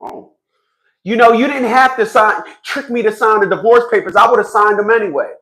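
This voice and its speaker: A man putting on the voice of a naive, gullible young ex-wife in a mocking high falsetto. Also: a little fast, a bit bright, roomy sound.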